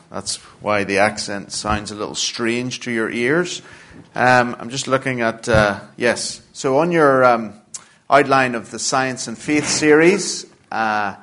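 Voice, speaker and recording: A middle-aged man from Northern Ireland with a Northern Irish accent, giving a church lecture in a measured way with dry, self-deprecating humor. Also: mid-range voice, a bit bright. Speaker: guest lecturer.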